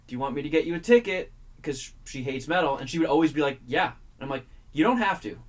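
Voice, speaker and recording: A man's voice: a little high, lively intonation, fast talker. A man who is a regular on a radio talk show, telling a long story in a chatty way, swearing casually and acting out the people he quotes. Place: radio studio.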